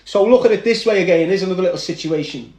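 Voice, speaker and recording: A man with a Liverpool accent tells a story from his past in a high, lively voice, speaking straight to the people listening. He sounds like he is in a roomy, echoing space. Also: fast. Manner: animated, addresses listeners directly. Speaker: guest recounting his past. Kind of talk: dramatic first-person storytelling.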